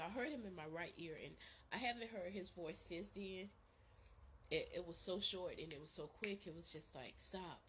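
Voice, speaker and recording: A grieving woman talks in a personal vlog, halting and repeating herself, her voice tearful. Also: fairly low pitch, a bit bright, slight background noise. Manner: halting, repeats words, many fillers. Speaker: vlogger.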